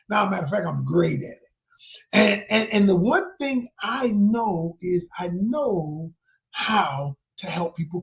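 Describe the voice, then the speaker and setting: A man working as a relationship coach, talking emphatically to viewers and calling them y'all, swinging from loud to whispered like a preacher. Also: high-pitched. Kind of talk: live-stream promotional talk. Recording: dull lo-fi sound.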